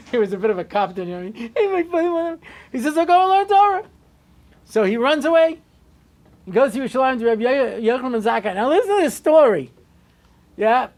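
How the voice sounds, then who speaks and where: Man, rabbi, storytelling lecture, chatty asides, pitch and volume swing up and down. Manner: conversational, many asides and "you know"s; animated, shifting pitch and loudness.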